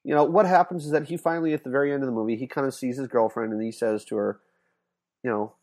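A man's voice: medium pitch, fairly even intonation, fast talker, darkish tone. A man with a mid-range voice talks in casual podcast chat. He retells a story with energy and acts out the characters' lines. His speech is full of fillers.

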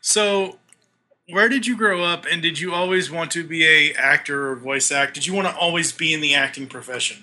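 A man interviewing a guest, asking questions in a relaxed, easygoing way. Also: on the high side, moderate pace. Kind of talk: casual interview chat.

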